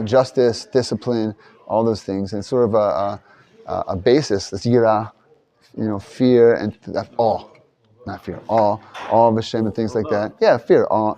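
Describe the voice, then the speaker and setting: A man's voice: on the low side, dark tone. A man leading a casual Torah class discussion, loose and rambling, thinking aloud with frequent restarts. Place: study hall.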